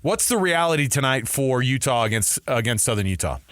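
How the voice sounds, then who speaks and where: A man's voice: medium pitch, very animated, a little fast, a bit bright, no echo, clean studio sound. A man hosting a radio sports show, chatting casually and joking with his co-host. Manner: joking, laughs often. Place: radio studio.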